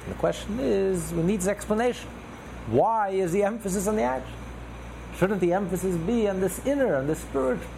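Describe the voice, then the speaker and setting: A man's voice: high voice, brisk, creaky, dark tone, slight background noise. A man teaching a religious text class, explaining a passage with repeated, list-like phrases. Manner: repetitive, builds through lists of phrases. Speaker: Torah teacher.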